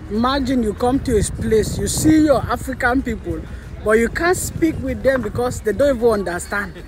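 A woman's voice: on the high side, lively intonation, normal speed, background noise. A woman vlogging on a handheld phone at an outdoor market, talking chattily to viewers and laughing often. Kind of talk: casual walking vlog. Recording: music playing under the voice. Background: background music.

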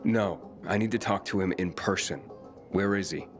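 An actor playing a calm, terse man on a mission. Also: deep voice, normal speed, over music, lightly acted.

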